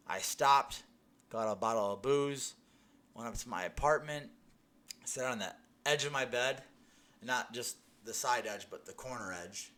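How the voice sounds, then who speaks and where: A man's voice: medium pitch, normal speed, pushed and bright, a little hiss or hum. A young man giving a personal faith testimony, telling his story earnestly with many restarts and "you know"s. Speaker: testimony speaker.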